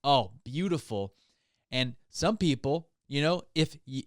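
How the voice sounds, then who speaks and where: A man's voice: mid-range voice, normal speed, smooth, dry recording, studio quality. A man hosting a comedy podcast, rambling through a hyped, mock-enthusiastic monologue. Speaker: podcast host.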